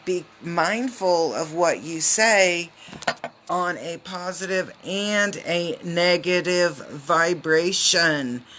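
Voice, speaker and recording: A woman giving a casual live tarot reading on a phone, chatty and loose, with lots of filler ums and quick hellos to her viewers. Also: lowish voice, background noise. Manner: greets viewers mid-reading. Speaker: tarot reader.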